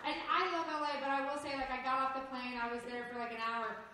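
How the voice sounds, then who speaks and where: Woman, 30s, stand-up comic from the Chicago area; high voice, very roomy distant club sound. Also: flat delivery, fast, heavy background noise. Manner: self-deprecating, bursts into belted song. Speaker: stand-up comedian. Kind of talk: stand-up set. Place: comedy club stage. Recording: very echoey club from far off.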